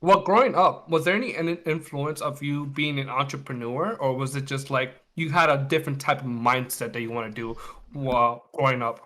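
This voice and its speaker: A man's voice: mid-range voice, fairly even intonation, fairly quick, bright, forceful tone. A man hosting a podcast interview, talking casually and rambling, restarting sentences as he searches for words. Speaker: podcast host.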